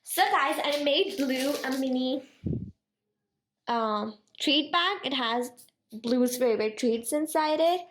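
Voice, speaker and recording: A woman's voice: high voice, takes it slowly, fairly bright tone, reverberant, slight background noise, poor audio. A young woman filming her pet parrot at home, coaxing and cooing at it in a giggly baby-talk voice. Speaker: parrot owner and vlogger. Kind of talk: casual vlog talking to a pet.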